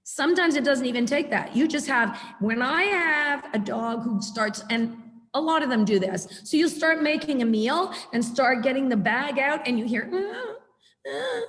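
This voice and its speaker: A woman giving a chatty, animated webinar lecture as a dog trainer over a video call. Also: fairly high pitch, long reverb tail.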